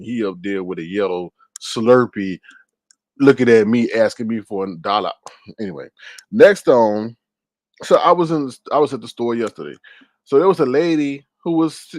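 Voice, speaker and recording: Animated man telling gym stories. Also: no echo, clean studio sound. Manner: animated, jumps into high exaggerated voices when quoting people; reads viewer comments aloud and teases them. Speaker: live-stream host. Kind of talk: casual storytelling chat.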